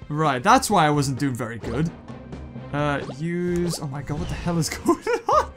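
A man hosting a gaming video, chatting and joking excitedly to his viewers while he plays. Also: a little high, moderate pace, faint music behind. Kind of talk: let's play commentary.

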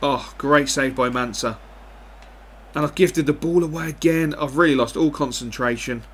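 A young man giving animated live commentary over a football video game, swinging between excitement and frustration and swearing often. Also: fairly high pitch, normal speed, breathy edge. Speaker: gaming commentator.

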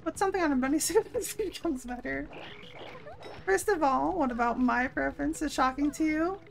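A woman with a high voice chats casually while playing a video game, joking, swearing and laughing often. Faint game music sits behind her. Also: a little fast, gravelly. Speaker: streamer. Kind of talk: casual gameplay commentary.

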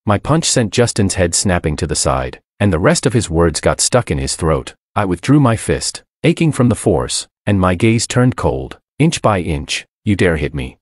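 Deep-voiced male audiobook narrator. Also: sing-song, moderate pace, hardly any pauses, no echo, clean studio sound. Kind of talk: first-person story narration.

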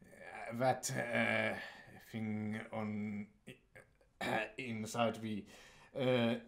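A man's voice: lowish voice, level tone, creaky, a bit bright. A young man giving casual, hesitant commentary while playing a game, full of fillers. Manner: hesitant, many fillers, slow. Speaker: let's play gamer.

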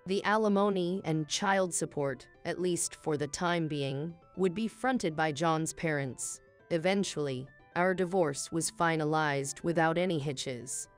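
A woman narrating a scripted first-person story in a calm, cool, measured manner. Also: low voice. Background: faint music.

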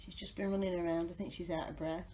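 A woman's voice: on the low side, flat delivery, fast talker, warm tone, slight background noise. A woman talking casually to her pet rabbit in a garden, coaxing it with sing-song baby talk, recorded on a handheld phone. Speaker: pet owner.

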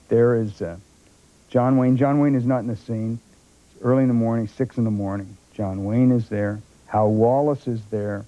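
An older man, a film actor, telling anecdotes as a talk show guest and acting out the voices of others. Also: medium pitch. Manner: animated storyteller who acts out other people's voices. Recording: dull lo-fi broadcast tape.

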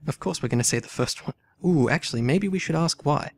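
A man's voice: fairly high pitch, lively intonation, a little fast, vocal fry. Man thinking aloud over a story game. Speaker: let's play host. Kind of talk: casual game commentary.

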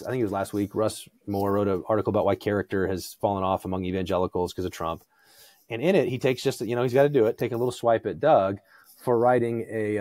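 Pitched fairly low, a man joins a podcast as a guest for a conversational theological discussion. He's animated, voices the people he quotes, and restarts often; the recording has no room sound.

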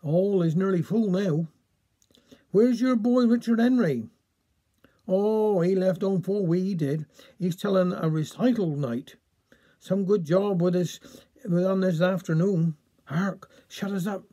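A man's voice: high-pitched, measured pace, mellow. A man with a Cornish accent reading a dialect story, playfully voicing the villagers.

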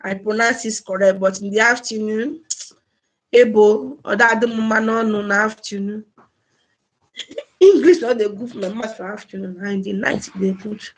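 A woman's voice: fairly high pitch, measured pace, pauses often, fairly bright tone. A woman hosting a casual live stream, chatty and laughing often as she greets viewers by name. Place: home in Germany.

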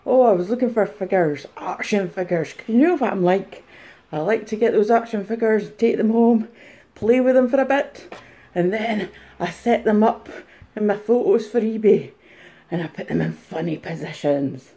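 A woman's voice: medium pitch, moderate pace, dark tone, natural voice. A woman playing a jolly bearded reseller man. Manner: chatty, jolly, addresses viewers. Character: cheerful bearded male reseller, chatty. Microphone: mobile phone.

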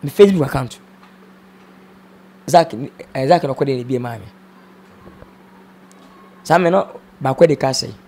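Husky Ghanaian man, subdued. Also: mid-range voice, measured pace, long pauses, a little mellow. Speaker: interview guest. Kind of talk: emotional interview talk.

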